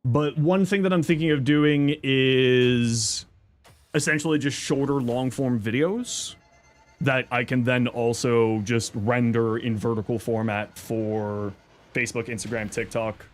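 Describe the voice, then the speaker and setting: A man livestreaming in casual chat, reading viewer messages aloud and thanking subscribers, thinking out loud. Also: fairly even intonation, a little slow. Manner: squeaky high-pitched outbursts of surprise. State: chewing an apple.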